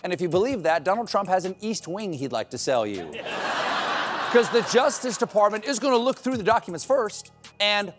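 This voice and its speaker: High-voiced sarcastic late-night comedy host. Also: male voice, lively intonation, normal speed, over music. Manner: sarcastic punchline delivery. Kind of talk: comedic monologue.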